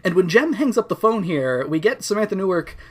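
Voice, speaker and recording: A woman's voice: mid-range voice, big pitch swings, a little fast. A woman co-hosting a podcast, recapping a cartoon in casual chat, laughing often and acting out characters' lines. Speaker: podcast co-host.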